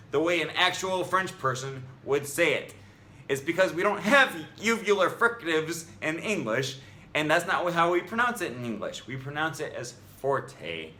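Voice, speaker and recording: Animated, bright-voiced man in an echoey room. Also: on the high side. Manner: argumentative, exasperated. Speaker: language vlogger. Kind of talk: reading an article aloud and rebutting it. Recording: roomy echo, faint ambient noise.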